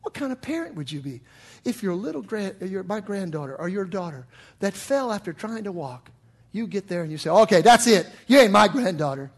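Older male pastor, very high husky voice, lively preaching that dips soft and rises to shouts. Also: brisk. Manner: animated preaching, swings from hushed to shouting. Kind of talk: sermon.

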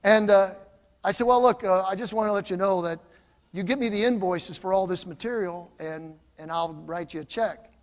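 Older man, pastor, high-pitched, animated storytelling sermon, long hall reverb. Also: moderate pace. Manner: animated, swings from loud exclamations to soft asides.

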